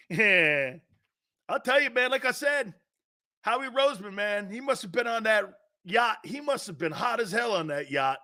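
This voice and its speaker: A man with an East Coast American accent hosting a sports talk show, ranting loudly with profanity and frequent shouting. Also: high voice, lively intonation, moderate pace, pauses often. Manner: loud, profane, often shouting.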